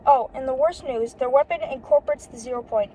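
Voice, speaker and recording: High mellow voiced woman reading a comic out loud, halting, keeps correcting herself, faint noise behind. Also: poor audio. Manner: reads haltingly, repeating "and then she says" and correcting slips; adds brief unsure asides to the reading. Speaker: comic book reader. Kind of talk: casual reading aloud of a comic.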